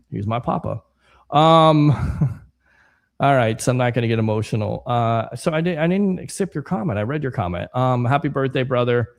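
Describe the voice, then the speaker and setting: A man with a medium-pitched voice and vocal fry hosts a casual sports livestream as a sports podcast host. He chats and reads viewer comments aloud, wandering into rambling asides.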